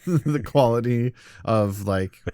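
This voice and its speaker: A man's voice: mid-range voice, unhurried, a loud crowd. A man co-hosting a casual podcast, chatting enthusiastically with frequent restarts. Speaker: podcast co-host.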